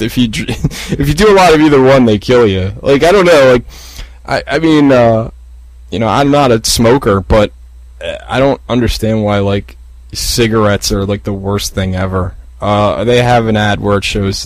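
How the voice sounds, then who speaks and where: A man's voice: medium pitch, no room sound, rough recording. A man hosting a solo podcast, rambling and swearing through a casual rant full of fillers and restarts. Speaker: podcast host. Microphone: podcast microphone.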